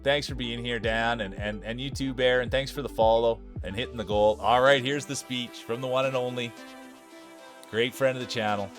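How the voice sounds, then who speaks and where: A man in his forties with a small-town Saskatchewan accent commentates live marble races on a stream, rambling in hyped sports-announcer style and chatting. His voice is medium-pitched and steady at normal speed, over soft background music.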